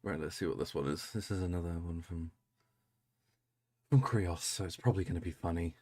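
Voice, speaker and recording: A man's voice: low voice, brisk, darkish tone. A man chatting casually on a livestream, swearing freely and making self-deprecating asides. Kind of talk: casual livestream reaction chat.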